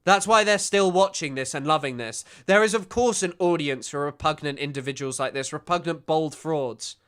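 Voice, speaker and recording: A man with a high, bright, clear voice gives casual streaming commentary over a clip. His tone is scornful and mocking, and he laughs often while he cuts into the video. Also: moderate pace.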